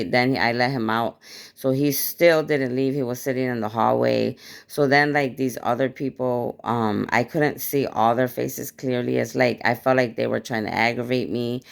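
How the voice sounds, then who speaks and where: Gravelly, profane woman recounting a dream. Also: very deep voice. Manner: animated storytelling, blunt and profane. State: dry mouth. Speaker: spiritual vlogger. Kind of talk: casual dream retelling to viewers.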